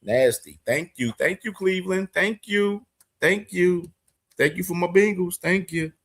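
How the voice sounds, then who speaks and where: A man hosting a casual boxing commentary stream, talking in with profane banter and frequent loud laughing fits. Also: high voice, unhurried, gravelly. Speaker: boxing show host.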